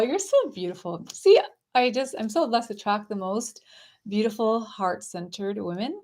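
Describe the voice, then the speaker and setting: A woman coaching viewers on a casual live stream, talking in a soft, dreamy and effusive way. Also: mid-range voice, animated, normal speed. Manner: gushing, affectionate and effusive; soft, dreamy spiritual phrasing.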